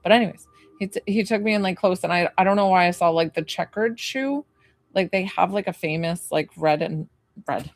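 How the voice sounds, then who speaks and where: A woman working as a psychic medium, giving a live reading to a client. She talks in a rambling, tentative way, full of "like" and questions, and turns gently reassuring when she passes on comfort. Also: lowish voice, fairly quick, no room sound.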